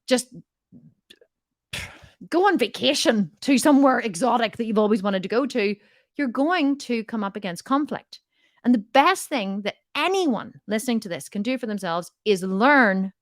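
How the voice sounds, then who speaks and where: A woman's voice: fairly high pitch, no echo, clean studio sound. A middle-aged woman giving motivational coaching in a question-and-answer talk, emphatic and repeating her points for weight. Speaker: fitness and mindset coach.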